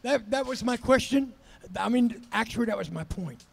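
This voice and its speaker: A man in the studio, a guest on a talk show, who talks haltingly and searches for his words. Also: extremely high pitch, lively intonation, creaky, husky.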